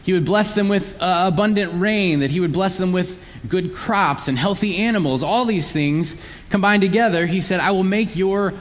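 A man preaches a sermon, explaining scripture in an earnest, teaching way, with a voice pitched a little high. He sometimes slips into mocking, sarcastic voices to act out the people he is describing. A long reverb trails his words, as in a church sanctuary. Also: normal speed.

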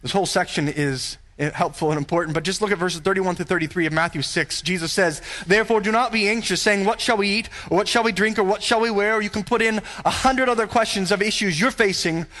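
A man with a high voice preaches from the pulpit. His delivery is earnest and emphatic, and he keeps turning to rhetorical questions. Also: quick pace, hardly any pauses, sharp tone. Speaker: pastor. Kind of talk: sermon.

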